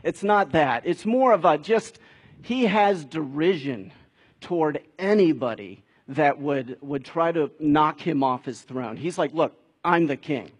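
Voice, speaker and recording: A man's voice: a little high, expressive, a little slow, husky. A man preaching a sermon in a conversational way, building to emphatic peaks. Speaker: pastor.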